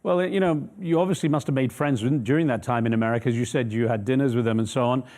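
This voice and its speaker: A man presenting the news, putting probing, measured questions to a guest. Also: mid-range voice, a little mellow.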